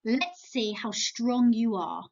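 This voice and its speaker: Slow, lively English woman teaching kids. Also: fairly high pitch, gravelly, lo-fi sound. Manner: animated, slow and playful, speaking to young children. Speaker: children's church leader. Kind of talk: children's Bible lesson. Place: church setting, home video.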